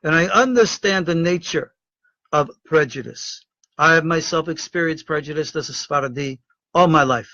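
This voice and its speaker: A middle-aged American man, a rabbi and Torah teacher, giving an emotional, indignant video address full of halting repetitions. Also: fairly high pitch, bright, forceful tone, dry recording, lo-fi sound. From United States.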